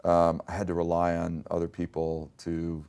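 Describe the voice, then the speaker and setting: Male CEO, 50s, low and gravelly, animated storyteller in a business interview. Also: moderate pace. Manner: animated storyteller, acts out quoted dialogue.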